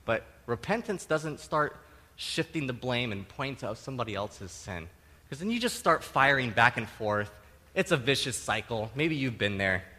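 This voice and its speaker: A middle-aged man preaching a sermon, conversational and animated, tossing in tag questions and acting out quotes with sudden loud bursts. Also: mid-range voice, normal speed, big-room sound. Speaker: pastor.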